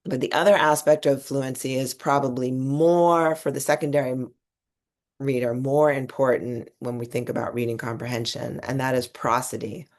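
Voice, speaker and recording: A woman's voice: very deep voice, fairly even intonation, normal speed, darkish tone. A woman giving a webinar presentation and explaining her slides step by step, with occasional restarts mid-word. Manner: explanatory, talks through slides. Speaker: webinar presenter on reading instruction.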